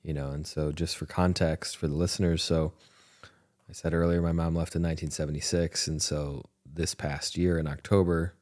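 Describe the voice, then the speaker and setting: A man's voice: very deep voice, little pitch movement, normal speed, darkish tone. A man hosting a podcast, telling a personal story in an earnest, reflective way with frequent restarts. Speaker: podcast host. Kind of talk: candid conversation.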